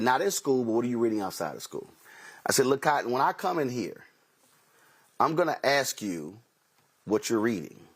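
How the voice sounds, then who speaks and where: A man's voice: medium pitch, husky. A man hosting a talk show, telling anecdotes in an emphatic commentary monologue and acting out dialogue as he quotes himself and others. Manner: emphatic, repeats key phrases. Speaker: host.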